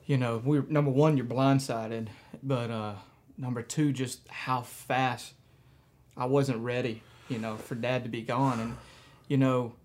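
A man pastor telling a personal story in a church message, soft-spoken and halting, with frequent fillers. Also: medium pitch, steady tone.

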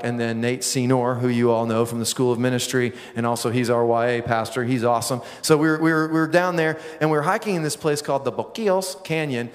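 Pastor preaching in a reverberant hall. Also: male voice, medium pitch. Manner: lively storytelling, self-deprecating humor, quick asides. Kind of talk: sermon. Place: large church auditorium.

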